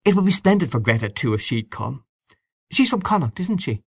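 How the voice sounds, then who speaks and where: A man's voice: medium pitch, wildly swooping pitch, moderate pace, husky, voice pushed up, heavily acted. A man voicing a frank, talkative young woman who questions bluntly and insistently in a storybook reading. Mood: eager.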